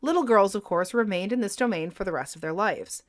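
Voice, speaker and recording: A woman co-host narrates a history podcast from her script, and her expressive reading lifts on the lighter moments. Her voice stays at a middle pitch. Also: a little fast.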